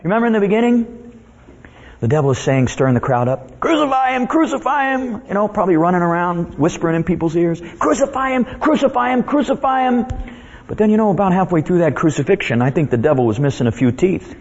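A man's voice: a little high, fast talker, darkish tone. A man preaching a sermon who emphatically repeats himself and reads Bible verses aloud. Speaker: pastor. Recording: dull lo-fi recording.

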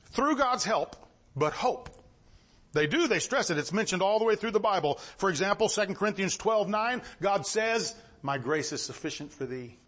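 A high-voiced male preacher delivering a sermon with lots of movement in his delivery. He reads old-fashioned scripture in a measured tone, then climbs into excited, ringing exclamations. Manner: animated, swings from low reading to high exclamations; reads scripture in King James wording.

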